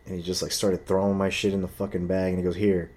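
Young man, low dark voice, heated profane storytelling monologue. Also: monotone, fast. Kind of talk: casual ranting monologue.

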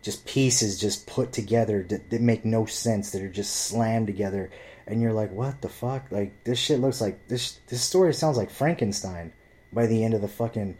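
A man's voice: fairly low pitch, moderate pace, darkish tone. A young man telling a story in a blunt, profane, heated rant; he grew up speaking Spanish. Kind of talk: casual ranting storytelling.

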